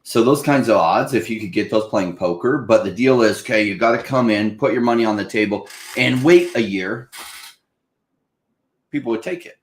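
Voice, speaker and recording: A man hosting a casual talk about investing, animated and quick to act out panicked buyers in a higher voice. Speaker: crypto channel host. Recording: roomy echo.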